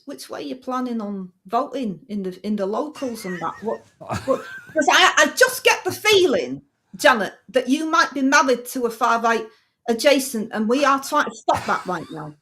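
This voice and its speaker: A woman's voice: fairly high pitch, sharp tone, slight background noise. A woman voicing a brash, blunt woman politician who hands out advice in a comic radio sketch, talking in casual slang and brushing things off. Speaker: agony aunt in a comedy sketch.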